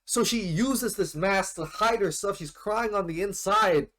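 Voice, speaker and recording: A man giving casual commentary in an anime reaction video, talking in a rambling, animated way with some casual swearing. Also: high-pitched, measured pace.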